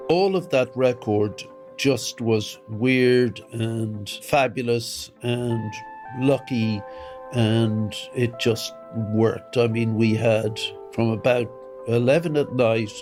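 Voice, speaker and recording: A man's voice: medium pitch, steady tone, slow pace, darkish tone. An older man with an Irish accent recalling events emphatically in an interview, asking questions and answering them himself. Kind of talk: reminiscing interview. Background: faint music.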